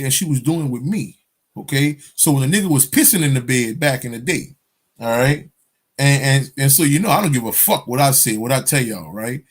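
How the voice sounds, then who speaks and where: A man's voice: mid-range voice, slightly rough. A man telling a personal spiritual story in a casual, profane, rambling monologue, often checking in with "you understand?". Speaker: spiritual vlogger.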